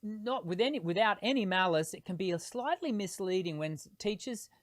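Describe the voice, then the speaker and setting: A man hosting a live singing Q&A as a voice teacher, explaining technique patiently and pausing to demonstrate tones, with frequent hesitations between points. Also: high voice, lively intonation, no echo, studio quality. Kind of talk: live-streamed Q&A.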